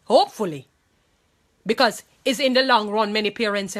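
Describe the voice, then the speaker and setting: A woman's voice: on the high side, animated, normal speed, a bit bright. A woman with a Jamaican accent, speaking to viewers in an impassioned monologue. She talks emphatically, repeats phrases and pleads, distressed and angry.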